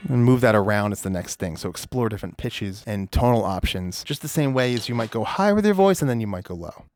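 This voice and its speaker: A man's voice: on the low side, expressive, brisk, music in the background. A man teaching a drum lesson, talking straight to the viewer and singing drum patterns out in scat syllables. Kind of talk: instructional talk to camera. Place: recording studio.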